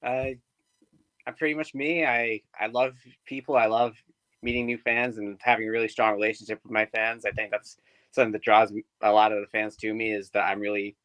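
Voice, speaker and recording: A man's voice: on the low side, little pitch movement, brisk, a bit bright, no echo, low-quality recording. A young man, a guest on a podcast, talking about himself in an easygoing way and laughing often. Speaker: podcast guest, pro wrestler. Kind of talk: casual interview chat.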